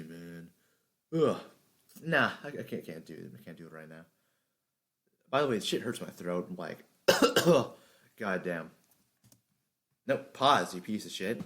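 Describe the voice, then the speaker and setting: A man recording an anime review, shouting lines with energy between low, mumbled, profane asides and retakes. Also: animated, measured pace, long pauses. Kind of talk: unscripted commentary recording with retakes.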